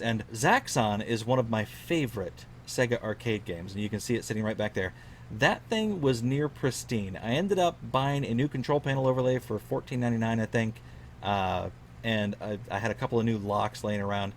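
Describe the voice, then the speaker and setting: A tired man losing his voice, casually telling a collecting story to camera in an unhurried, chatty way. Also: lowish voice, expressive, a little hiss or hum. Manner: chatty, unhurried, repeats figures for emphasis. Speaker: collector vlogger.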